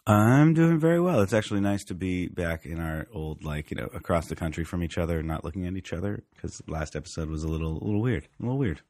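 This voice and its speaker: Deep-voiced man laughing easily. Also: quick pace, few pauses, no echo, clean studio sound. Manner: laughs easily, animated, uses many fillers. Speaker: podcast co-host. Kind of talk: casual film chat. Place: home, remote from co-host.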